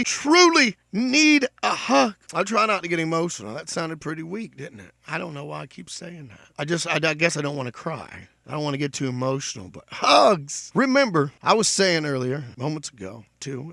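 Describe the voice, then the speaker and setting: Earnest man with a bright voice. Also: high voice, vocal fry, no room sound, studio quality. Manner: earnest, repeats himself, addresses listeners as folks. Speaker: podcast host. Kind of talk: heartfelt solo monologue.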